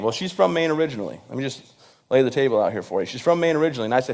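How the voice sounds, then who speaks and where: A man's voice: mid-range voice, animated, rapid-fire, a little mellow. A man from Michigan giving a humorous, self-deprecating speech at a live event, often checking in with "right?". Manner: self-deprecating, jokey, many "right?" asides. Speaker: guest speaker.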